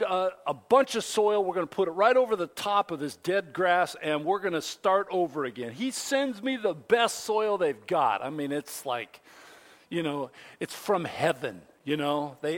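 High-voiced man telling a folksy story. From Pacific Northwest. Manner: folksy storytelling with many fillers. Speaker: pastor. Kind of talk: sermon.

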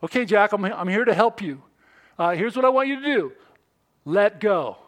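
A man voicing a calm, patient male God, speaking in gentle reassurance. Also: high voice, brisk, pitched above the performer's own voice.

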